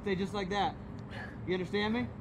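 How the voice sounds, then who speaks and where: A man's voice: high-pitched, fairly even intonation, fairly quick. A man working as a police officer in an outdoor car park, giving short, terse commands. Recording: noisy outdoor recording, at times off-mic.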